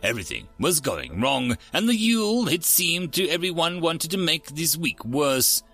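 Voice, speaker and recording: A man narrating science fiction stories in a scripted reading, with an expressive delivery. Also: a little high, moderate pace, faint music behind. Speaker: story narrator. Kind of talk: scripted sci-fi story narration.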